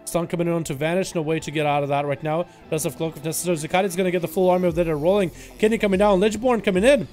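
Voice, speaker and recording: A young man casting a video game duel as rapid play-by-play commentary, excitable and hype. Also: fairly high pitch, faint music behind. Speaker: game caster.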